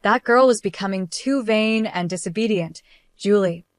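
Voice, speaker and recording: A woman voicing a stern, cold grandmother who talks down to others in a calm, superior way, read as part of a story narration. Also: mid-range voice, normal speed, dry recording, lightly acted. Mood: cold, scolding.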